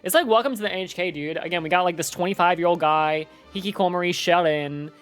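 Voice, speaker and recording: A young woman chats on a live stream in a slightly low voice, rambling in a loose, slangy way. She leans on filler words and casual asides to her audience. Faint music plays under her talk. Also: fast talker.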